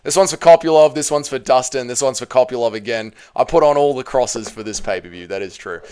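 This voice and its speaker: A man's voice: quick pace, a little mellow, smooth. A man hosting a casual livestream, reading chat aloud and swearing, his voice climbing when upset. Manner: emotional, repeats himself, swears, rises in pitch when upset.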